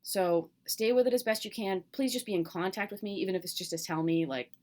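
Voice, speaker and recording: A middle-aged woman teacher recording a video message to her students at home, speaking gently and candidly with a reassuring manner and some fillers. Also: medium pitch, brisk, few pauses. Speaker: college teacher. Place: home, at kitchen table.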